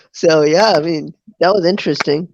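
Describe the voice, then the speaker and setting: A young adult podcast host in casual chat, hesitant and filling pauses with many fillers. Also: mid-range voice, creaky, muffled recording, background noise. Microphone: online podcast recording app.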